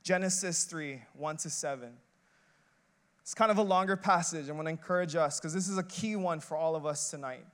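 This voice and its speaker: High-voiced man preaching a sermon. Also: brisk, fairly bright tone, clear, resonant tone. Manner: conversational, emphatic preaching with repeated "like" and rhetorical questions; builds emphasis through repeated short phrases. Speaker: associate pastor.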